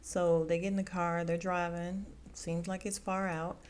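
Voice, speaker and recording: A woman with a slightly low voice chats through a TV episode recap. She talks casually and conversationally, and she slips into the characters' lines as she retells the scenes. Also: flat delivery, unhurried, darkish tone, clean tone. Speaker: podcast host reviewing a TV episode.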